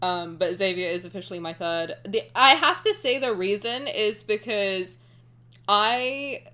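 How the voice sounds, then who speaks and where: Excitable woman streamer with lively pitch. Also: measured pace. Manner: excitable and rambling, swears casually. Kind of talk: casual live-stream chat.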